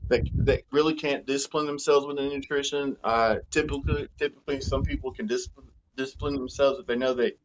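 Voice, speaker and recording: A man coaching on health in a live question-and-answer chat, talking in a halting way with many fillers and restarts. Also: mid-range voice, fairly even intonation, noisy background.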